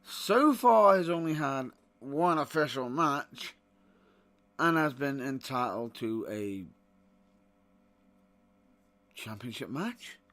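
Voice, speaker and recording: A man hosting a podcast and ranting in exasperation, rising to loud outbursts. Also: medium pitch, animated, takes it slowly. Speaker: wrestling podcast host. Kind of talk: opinionated commentary.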